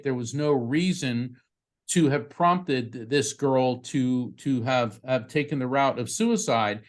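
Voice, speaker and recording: Fast-talking man giving a psychic reading. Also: mid-range voice. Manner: fast, restarting, conversational delivery. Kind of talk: live reading session over video call.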